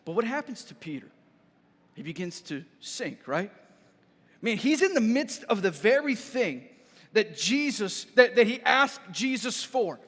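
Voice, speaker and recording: A man preaching a sermon as a pastor, telling his story with lively repeats and a habit of asking "right?". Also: extremely high pitch, moderate pace. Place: church sanctuary. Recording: reverberant church hall.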